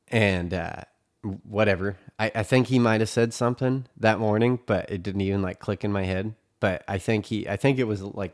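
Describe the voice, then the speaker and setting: Lower-voiced man, casual rambling storyteller, swears freely. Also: darkish tone. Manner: profane, rambling, full of fillers.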